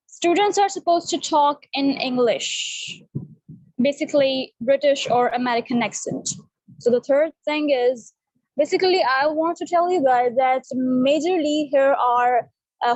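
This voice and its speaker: A young woman from Pakistan runs an online English class over a video call, her voice high and the sound dry and close. She moves between English and Urdu and fills her pauses with "uh" and "you know.". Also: darkish tone, dry recording, rough recording. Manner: switches between English and Urdu, many fillers.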